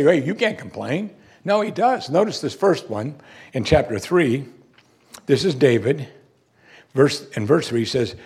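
A man preaching a sermon, emphatic and animated, asking the congregation rhetorical questions. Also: mid-range voice, breathy edge. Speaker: pastor.

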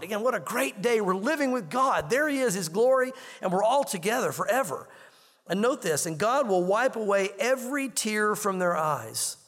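A man's voice: sits high, lively intonation, normal speed, fairly bright tone, in a large hall. A man preaching a sermon as pastor, in an earnest, conversational way, repeating himself as he reads and explains scripture.

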